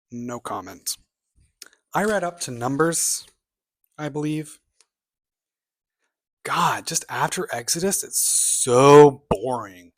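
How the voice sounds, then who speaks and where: A man's voice: medium pitch, sharp tone. Male vlogger, mid-range voice, casual bookshelf chat, opinionated and rambling with offhand asides. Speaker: booktube vlogger.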